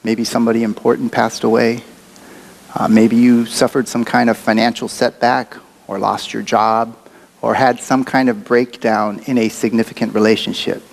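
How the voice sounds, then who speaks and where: A man's voice: medium pitch, little pitch movement, normal speed, vocal fry. A man preaching a sermon as a pastor, talking in a conversational, reflective way with occasional fillers.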